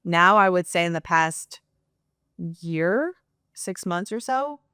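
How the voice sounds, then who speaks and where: A woman's voice: fairly low pitch, lively intonation, takes it slowly, pushed and bright, clear, resonant tone, no room sound, clean studio sound. A young adult woman, a guest in a casual interview, talking openly and reflectively with many fillers. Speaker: guest, nurse practitioner.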